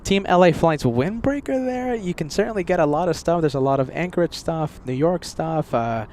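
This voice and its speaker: A man's voice: on the high side, lively intonation, normal speed, a little mellow. An American man hosting a casual live stream outdoors at an airport, chatting and thanking viewers. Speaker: livestream host. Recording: faint outdoor traffic noise. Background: faint street and vehicle noise.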